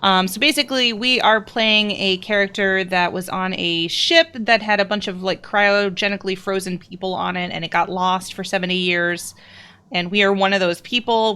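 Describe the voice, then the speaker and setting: A woman's voice: mid-range voice, clear, resonant tone. A woman from New Jersey with a New Jersey accent, chatting casually at her home desk while playing a game. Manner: chatty, rambling, excitable in combat. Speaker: let's play host. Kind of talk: casual gameplay commentary.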